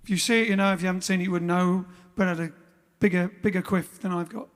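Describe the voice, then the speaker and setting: A man's voice: high voice, fairly even intonation, fast, in a large hall. A man hosting a band livestream, chatting casually between songs in a jokey, rambling way. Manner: jokey, rambling, plays with words. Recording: band music behind the voice.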